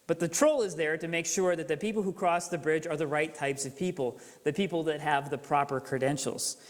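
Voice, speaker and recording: A man preaching a sermon as pastor, telling a story in a relaxed, conversational way with rhetorical questions. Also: fairly high pitch, brisk. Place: church sanctuary. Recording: echoey church hall reverb.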